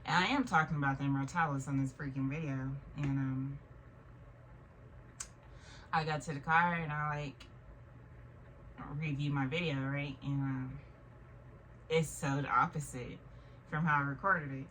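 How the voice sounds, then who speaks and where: Low-voiced woman rambling a strange story. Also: fairly even intonation, normal speed, long pauses, a bit bright. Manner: rambling, full of "like" and restarts. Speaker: vlogger. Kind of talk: casual storytelling monologue. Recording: distant mic with faint noise.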